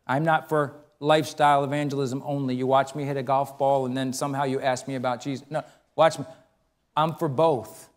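A middle-aged male pastor preaching a sermon in church, swinging between emphatic rises and hushed storytelling. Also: mid-range voice, fairly even intonation, brisk.

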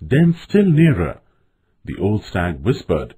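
Slow, husky man reading a children's story. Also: on the low side. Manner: expressive, measured reading. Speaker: narrator.

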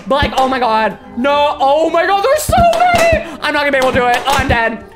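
A woman's voice: high-pitched, quick pace. A woman streaming a horror game live, panicking, swearing and shrieking the same exclamations over and over. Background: game music.

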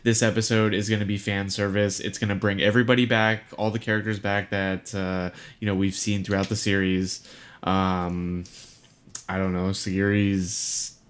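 A man with a low voice co-hosts a casual podcast. He rambles loosely, talks crudely and laughs often. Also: level tone, normal speed, clean tone. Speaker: podcast co-host. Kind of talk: casual chat.

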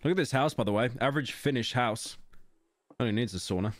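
A man's voice: mid-range voice, fast talker. Sarcastic young British man, swearing streamer. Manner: sarcastic, swears a lot, talks to chat. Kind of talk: casual gaming commentary.

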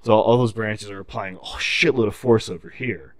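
A man's voice: lowish voice, normal speed, dry recording. A man in casual podcast chat, telling a profane story and explaining tree felling in technical detail. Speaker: podcast guest.

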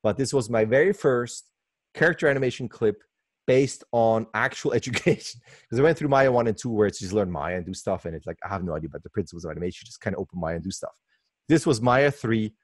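An animator in his forties joins a webinar as a guest, speaking from his home workspace through a video call mic. His voice sits at medium pitch, and his delivery is lively and gushing, full of laughter and excitement. The recording is dry, with studio quality.

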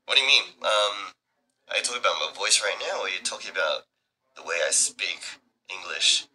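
Australian man, deep voice, forceful edge, casual rambling chat, slips into whispers. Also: animated, fairly quick, low-quality recording. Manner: rambling, repeats words, drops into half-whispers. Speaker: streamer answering fan questions. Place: his own room.

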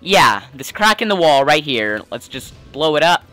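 A man's voice: a little high, very animated, moderate pace, pushed and bright, soft background music. A man giving casual, rambling commentary while playing a video game. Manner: chatty, rambling, lots of "like" and "uh". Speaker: let's player.

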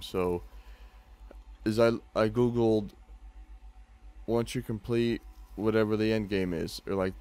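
A man's voice: on the low side, a little mellow, clear, resonant tone. A young man hosting a gaming video, chatting casually and reading game text aloud with mocking, laughing asides.

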